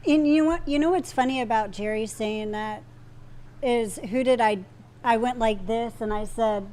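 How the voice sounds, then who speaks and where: A woman in her fifties co-hosting a relaxed livestream chat. She drops in short, teasing remarks in a somewhat higher voice. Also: normal speed. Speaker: co-host.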